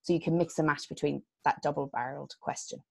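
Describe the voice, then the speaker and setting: A woman's voice: deep voice, fairly even intonation, fast talker, vocal fry, husky. A woman hosting a podcast interview who keeps her guest going with encouraging replies. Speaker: podcast host.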